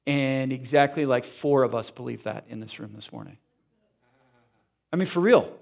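A male pastor preaching a sermon in a church, animated and conversational, with frequent asides to the congregation. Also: medium pitch, normal speed, vocal fry. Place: church sanctuary.

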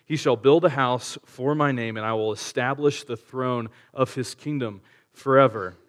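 A male pastor preaching in a relaxed, conversational way, using slang and asking the audience rhetorical questions. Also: mid-range voice, normal speed. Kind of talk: conversational sermon.

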